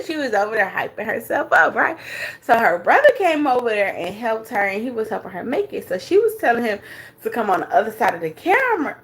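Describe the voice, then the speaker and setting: Animated high-voiced woman livestream commentator. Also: quick pace, slightly rough. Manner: animated, profane storytelling; thanks viewers mid-story. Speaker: commentary host.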